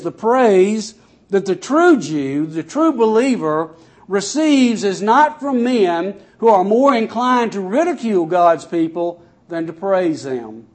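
A man delivers a sermon in a high-pitched voice. He reads scripture aloud and then explains it in everyday words. His volume rises and falls sharply to drive each point home. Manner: raises and lowers his voice sharply for emphasis. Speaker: preacher.

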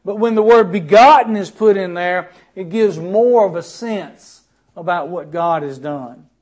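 A man preaching a sermon in an earnest, emphatic way, stressing key words loudly and then dropping quiet. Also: high voice, measured pace. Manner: earnest, emphatic, swings between loud stresses and quiet drops.

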